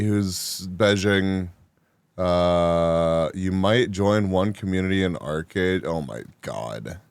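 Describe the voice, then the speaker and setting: A man streaming live, chatting casually with his viewers, animated and quick to laugh, sounding a bit groggy after a nap. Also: on the low side, smooth, no echo. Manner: animated, reactive, laughs often. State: groggy after just waking. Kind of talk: casual chat, reading chat live.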